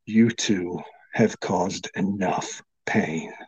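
A man's voice: low-pitched, very slow, darkish tone, husky, lo-fi sound, exaggerated voice. A man voicing a stern, confident wizard who speaks in a cold, clipped way, in a storybook reading.

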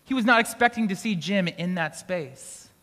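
A man's voice: sits high, normal speed, pushed and bright. A man preaching a sermon as pastor, in a conversational way with restarts and occasional light laughs. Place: school auditorium used for church gathering. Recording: long hall reverb.

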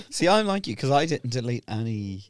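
A man's voice: mid-range voice, very animated, moderate pace, a little hiss or hum. A man hosting a podcast in casual chat, laughing along and bantering agreeably. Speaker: podcast host.

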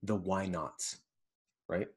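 A man hosting his own motivational podcast, talking casually and earnestly, rambling, pausing to search for words, and swearing freely. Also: sits low, fairly even intonation, slightly rough. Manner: earnest and reflective. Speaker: podcast host. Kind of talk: motivational monologue.

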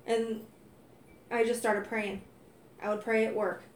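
Woman, earnest faith testimony, slightly high voice, roomy echo, faint ambience. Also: flat delivery, unhurried, a little hiss or hum. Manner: earnest, emphatic, grows heated when quoting herself. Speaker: wife sharing testimony.

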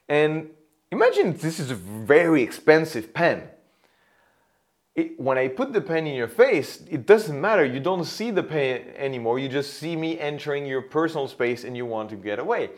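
A man teaching how to place the voice for sales, explaining with a pen example in an animated way. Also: mid-range voice. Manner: animated, demonstrates loud and whispered voices. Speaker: voice and sales coach. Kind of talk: teaching monologue.

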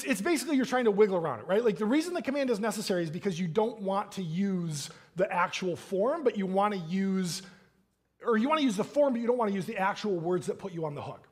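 A man's voice: sits high, breathy edge. A man preaching a sermon as pastor, in a casual conversational manner, often checking in with "right?". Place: church sanctuary.

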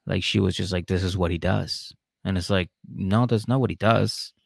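A man's voice: low-pitched, steady tone, moderate pace, gravelly, no echo, studio quality. A man co-hosting a casual podcast, laid-back, giving short reactions and laughing often. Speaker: podcast co-host. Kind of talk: casual chat.

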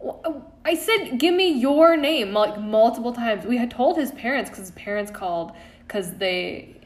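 Speaking a little slowly, with a voice on the high side and lively intonation, a young woman swears freely while candidly sharing new-job stories as a podcast co-host in casual conversation. The room is echoey, with faint background noise.

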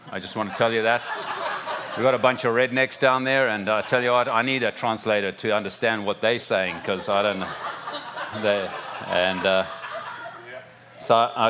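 A man's voice: on the low side, fairly bright tone, a little hiss or hum. A middle-aged man from Zimbabwe with a Zimbabwean English accent, opening a sermon as a visiting pastor in a church, chatty and self-deprecating with many restarts. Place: church sanctuary.

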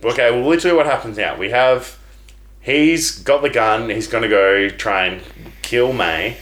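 A man's voice: mid-range voice, moderate pace, fairly bright tone, roomy sound. A man in casual chat, rambling through a movie plot and acting out the characters' lines.

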